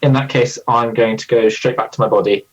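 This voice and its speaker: Low flat-voiced guy asking careful questions in a tabletop game, kinda muffled lo-fi mic. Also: fairly quick, crowd noise. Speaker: player.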